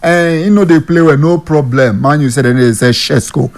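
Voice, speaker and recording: A man's voice: fairly high pitch, normal speed, darkish tone. Nigerian man riffing on football news. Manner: reads headlines then jokes in Pidgin, chuckling often. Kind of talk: casual sports news commentary.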